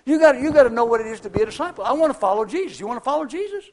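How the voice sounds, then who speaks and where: An older preacher with a very high voice for a man tells homespun stories from the pulpit. His delivery is folksy and conversational, leaning on plain country phrasing. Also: lively intonation, very fast. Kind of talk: sermon with personal stories.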